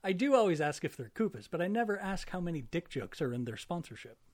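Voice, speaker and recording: A man's voice: high-pitched, big pitch swings, quick pace, a little mellow, no echo. Wry punning man, dry close sound. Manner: wry, punning, self-deprecating. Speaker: podcast co-host. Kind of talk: casual comedic chat.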